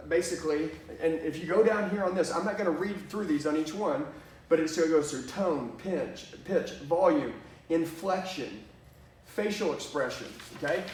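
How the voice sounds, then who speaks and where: A man's voice: on the high side, slight background noise. A man teaching a sales lesson, emphatic and punchy, often asking "okay?" and saying "watch this". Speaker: sales trainer. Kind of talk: energetic sales training lesson. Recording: echoey room from a distance.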